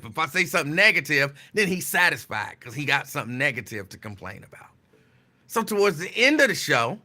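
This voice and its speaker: Bright, high-voiced chatty male host. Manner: chatty, digressive, answers chat comments; repeats phrases for emphasis. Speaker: talk show host. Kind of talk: casual live-stream talk.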